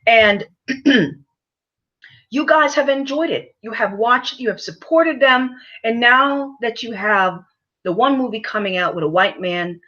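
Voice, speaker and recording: Halting, lecturing woman vlogger, lo-fi sound. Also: fairly high pitch, animated, sharp tone. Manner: halting, many fillers and repeated words; emphatic, lecturing the audience. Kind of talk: opinion commentary to camera.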